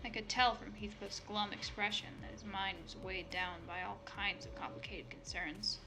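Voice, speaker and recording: A woman's voice: mid-range voice, steady tone, normal speed, noisy background. A woman from the United States reading a game story aloud and breaking off into swearing asides. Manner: reads narration, then breaks off into swearing asides. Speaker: fan reader of a game story. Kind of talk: casual dramatic reading.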